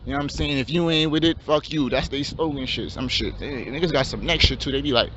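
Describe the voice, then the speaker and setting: A man's voice: medium pitch, fast talker, lightly acted. A man voicing a laid-back young male dreamer in a comedy skit, drawling slang in a mumble. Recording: dull lo-fi, faint hum.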